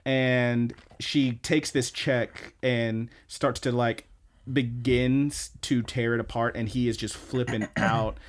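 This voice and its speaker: A young man co-hosting a casual podcast, retelling scenes with excited, profane chatter full of "like". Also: medium pitch, slow pace. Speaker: podcast co-host.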